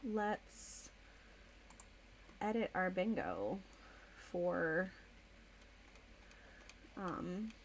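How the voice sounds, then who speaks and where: Slow-talking woman streamer chatting with chat. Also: lowish voice, big pitch swings, a little hiss or hum. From United States. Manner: chatty, distracted, reads chat aloud and types. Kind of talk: casual live-stream chat.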